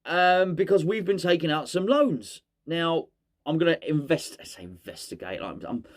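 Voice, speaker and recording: Rambling, jokey man. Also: moderate pace. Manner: rambling, jokey, pitch jumps when excited. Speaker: fan channel host. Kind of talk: casual football chat.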